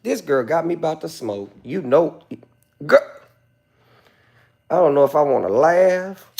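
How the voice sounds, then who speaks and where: A man's voice: a little high, expressive, unhurried, darkish tone. A man hosting a live stream, sassily and theatrically roasting a commenter in mock-pleading asides. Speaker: livestreamer.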